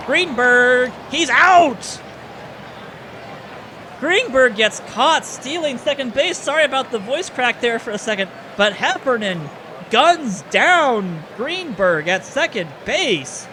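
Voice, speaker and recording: A man giving play-by-play commentary over a baseball video game, excitable on big plays and often correcting himself. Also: extremely high pitch, slight background noise.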